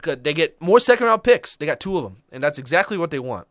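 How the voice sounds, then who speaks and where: A man co-hosting a podcast, walking through the trades in a casual chat with fillers and quick asides. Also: fairly high pitch, sing-song, a bit bright, no echo, clean studio sound. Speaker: podcast co-host.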